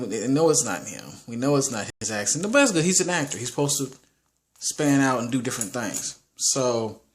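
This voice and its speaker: A man giving a casual, rambling movie review, full of restarts and slang. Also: mid-range voice.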